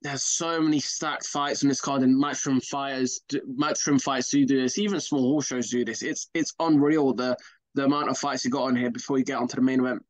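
A man's voice: medium pitch, fairly even intonation, a little fast, dry recording, poor audio. A man co-hosting a casual boxing predictions chat, rambling and repeating himself as he talks. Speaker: boxing pundit co-host.

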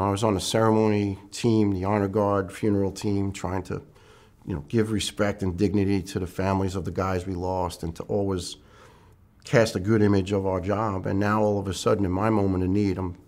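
A middle-aged man with a fairly low voice recounts a hard personal story in an interview. He speaks with earnest emotion and slips into the voices of the people he quotes. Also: a little mellow. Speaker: retired firefighter lieutenant.

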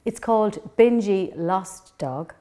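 A woman with an Irish accent, a children's librarian, reading a picture book aloud in a gentle, clear storytelling manner. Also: medium pitch, expressive, slow.

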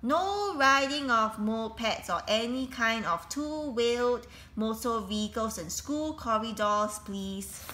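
A woman voicing a pompous male headmaster who tries hard to sound stern, speaking slowly and emphatically. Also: fairly high pitch, lively intonation, pushed and bright, slight background noise, exaggerated voice. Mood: prim. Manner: slow, emphatic, putting on authority.

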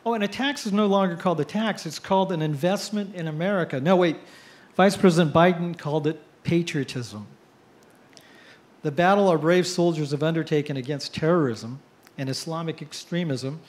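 A middle-aged man giving an after-dinner speech, telling jokes with punchline pauses. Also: fairly high pitch, a little mellow. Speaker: editorial cartoonist giving a speech. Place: cruise ship event.

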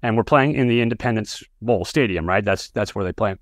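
A man's voice: lowish voice, fairly quick, no room sound, clean studio sound. A man hosting a sports podcast, chatty and telling stories as he interviews a coach. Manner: chatty storyteller, animated when telling a tale. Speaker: podcast host and analyst. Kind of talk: casual interview with anecdotes.

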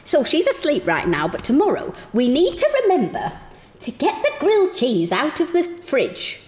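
A young woman streaming a life-sim game, chatting excitedly and talking to her characters as she plays. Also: high-pitched, normal speed. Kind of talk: casual gameplay commentary.

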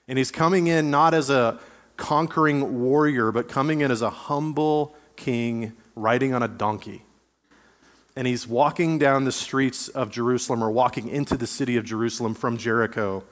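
A man's voice: medium pitch, moderate pace, a bit bright. A man preaching a sermon as pastor, speaking conversationally and reading scripture aloud. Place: church sanctuary. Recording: long church hall reverb.

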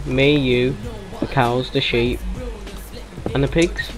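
Excitable young gamer guy. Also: medium pitch, slow pace, long pauses, over music. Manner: excitable, yelps and laughs at the game. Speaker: gaming channel host. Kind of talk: casual gameplay chat.

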